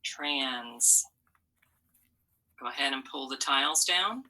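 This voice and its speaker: A woman teacher leads a phonics lesson for children at a very unhurried pace. Her low voice has a bright, slightly husky edge. She sounds out letters and syllables and cheers the kids on patiently. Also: low-quality recording.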